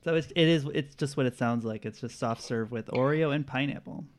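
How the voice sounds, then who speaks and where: A man's voice: mid-range voice, a little fast. A man hosting a casual quiz game with friends, reading out answers in a laid-back way and laughing often. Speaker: quiz host. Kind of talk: casual group game chat.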